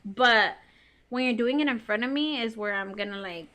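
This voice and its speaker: A young adult woman co-hosting a podcast, telling a story in a candid, irritated, animated way, swearing freely and saying "like" a lot. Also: on the high side, moderate pace. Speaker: podcast co-host. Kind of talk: casual storytelling chat.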